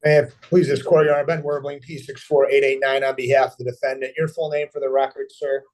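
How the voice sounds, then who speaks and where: A man's voice: mid-range voice, level tone, quick pace, darkish tone. Formal male defense attorney on a video call. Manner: formal, formulaic, polite. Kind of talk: formal courtroom appearance.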